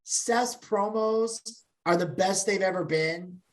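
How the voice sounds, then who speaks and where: A woman co-hosting a podcast in casual chat, opinionated and blunt, talking in quick bursts full of restarts. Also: mid-range voice. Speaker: podcast co-host.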